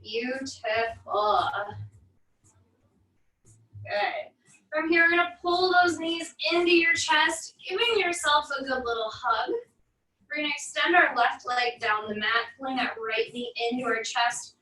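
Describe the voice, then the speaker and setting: Woman instructor, high bright voice, calm stretch cues with dry humor, echoey room, voice from off-mic. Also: a little slow, recorded from a distance. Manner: calm, encouraging cues with wry asides. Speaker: fitness instructor. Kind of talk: guided barre cool-down instruction.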